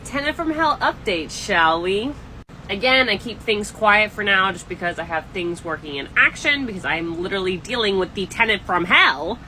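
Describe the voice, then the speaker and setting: Woman landlord vlogging, bright, animated storyteller; faint room noise behind. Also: medium pitch, moderate pace, poor audio. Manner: animated, exasperated, gossipy. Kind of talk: casual storytime vlog.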